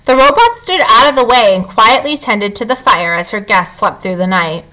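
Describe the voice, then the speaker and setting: A woman reading a children's novel aloud, expressive, lifting and dropping her tone as she reads. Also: mid-range voice, moderate pace, low-quality recording. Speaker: storybook reader.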